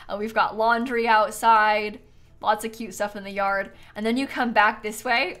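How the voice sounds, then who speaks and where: A woman's voice: mid-range voice, fairly even intonation, moderate pace, fairly bright tone. A woman chatting casually to viewers on a live game stream, bubbly and giggly, a bit tired and yawning.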